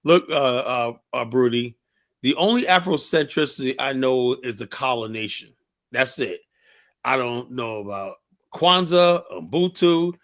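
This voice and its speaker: A blunt male livestream host speaking at an ordinary, middle pitch. He rambles in a loose, casual way, scattering "you know" and "right?" through his talk. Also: unhurried, a bit bright.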